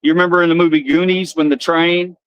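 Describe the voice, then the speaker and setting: A man's voice: a little high, steady tone, quick pace, clean tone, no echo, highs cut off. Rambling man chatting on a live stream. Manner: rambling, repeats and restarts phrases. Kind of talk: casual live-stream chat.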